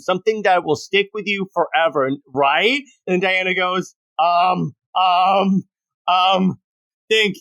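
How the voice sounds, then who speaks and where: A co-host of a comic book podcast, chatting quickly and laughing while retelling funny moments. The voice is bright and forward, with a middling pitch. Words come out in quick bursts with small restarts. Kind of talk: casual comic book chat.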